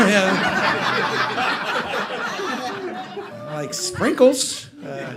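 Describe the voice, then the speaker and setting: A middle-aged man doing a stand-up comedy set on a club stage, telling stories and joking with the crowd. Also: sits high. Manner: animated storytelling with crowd work.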